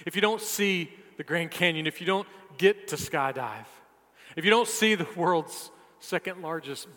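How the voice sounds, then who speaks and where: High-voiced preacher man in a reverberant hall. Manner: emphatic, repetitive, slow deliberate delivery, swinging from loud to hushed. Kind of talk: sermon.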